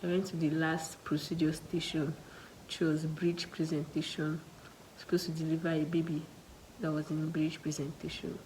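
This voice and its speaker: Chatty Nigerian woman with a low voice. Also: normal speed, slight background noise, low-quality recording. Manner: animated, chatty retelling with local slang. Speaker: student nurse vlogger. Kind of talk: casual storytelling to camera.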